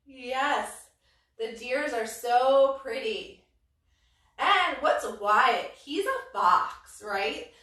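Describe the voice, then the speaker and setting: Bright, high, playful woman yoga teacher. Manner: playful, sing-song, full of wow and so great. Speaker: yoga instructor. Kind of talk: story-led children's yoga class. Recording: echoey room, voice from a distant mic.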